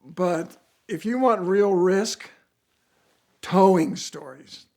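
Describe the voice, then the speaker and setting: A man, a racer, telling a casual car story in an animated, storytelling way. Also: takes it slowly, gravelly, background noise. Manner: animated storytelling with swings in pitch and volume. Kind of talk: casual anecdote.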